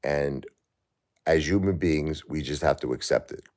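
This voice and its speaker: A man's voice: rumbling low, unhurried, darkish tone. A man in his forties, a livestream host, talking heatedly and repetitively in an emotional chat with a viewer.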